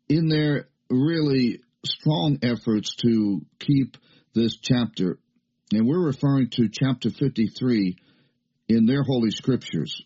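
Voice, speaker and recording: A man's voice: medium pitch, warm tone, husky. An older man preaching a sermon in an emphatic, folksy way, with fillers and rising questions. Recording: muffled lo-fi recording.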